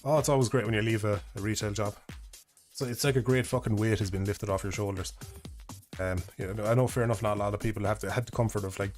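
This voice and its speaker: Young Irish man, casual streamer, lower voice, loose and swearing, faint music behind. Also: darkish tone. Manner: rambling, swears casually, laughs often. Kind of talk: casual live-stream chat. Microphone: desk microphone.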